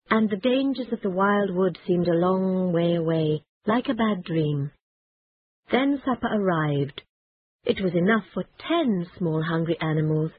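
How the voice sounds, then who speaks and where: A woman calmly reading a children's storybook chapter aloud. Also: fairly low pitch, husky, dry recording. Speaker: narrator. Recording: tinny phone-like, dry.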